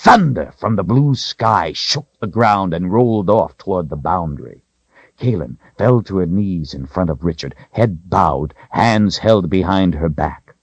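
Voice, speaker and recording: Deep-voiced man narrating a fantasy tale. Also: unhurried, slightly rough, dry recording. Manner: dramatic, expressive storytelling. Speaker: audiobook narrator.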